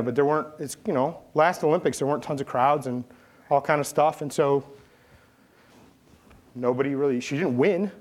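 Animated male pastor preaching. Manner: animated storytelling, acting out voices with big pitch swings. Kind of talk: sermon.

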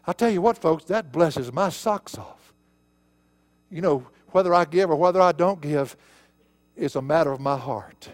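A man's voice: on the high side, normal speed. A man preaching as pastor in a church, folksy and emphatic, building to fervent peaks. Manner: emphatic, folksy preaching with rising bursts of intensity. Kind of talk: sermon. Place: church sanctuary.

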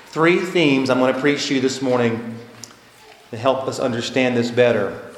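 A man's voice: mid-range voice, moderate pace. A man preaching a sermon as pastor, stressing points by repeating them. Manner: emphatic, repeats key phrases for stress. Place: church sanctuary. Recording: echoey church hall with faint noise.

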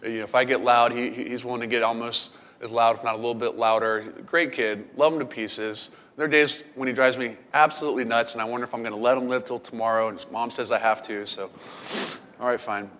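Middle-aged pastor preaching in a reverberant hall. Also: male voice, mid-range voice, fast. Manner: storytelling, playful and animated. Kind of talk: sermon. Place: camp meeting hall.

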